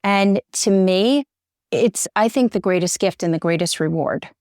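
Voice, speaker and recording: A woman's voice: mid-range voice, unhurried, a little mellow, no echo, clean studio sound. A middle-aged woman, a journalist and interview guest, talking earnestly and getting choked up. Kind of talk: conversational interview.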